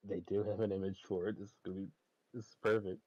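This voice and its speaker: A man's voice: low-pitched, flat delivery, quick pace, darkish tone, muffled recording. A man streaming in casual chat, narrating what he is doing and laughing often between remarks.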